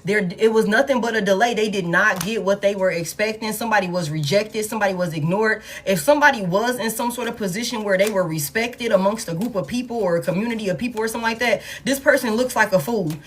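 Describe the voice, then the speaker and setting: A woman's voice: mid-range voice, fast talker, hardly any pauses, a little hiss or hum. A woman giving a casual tarot reading in a blunt, profane manner, with laughing asides. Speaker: tarot reader.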